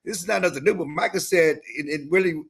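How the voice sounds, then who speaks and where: Husky animated man in sports chat. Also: on the high side, quick pace. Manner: animated, laughs a lot, repeats himself. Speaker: podcast co-host.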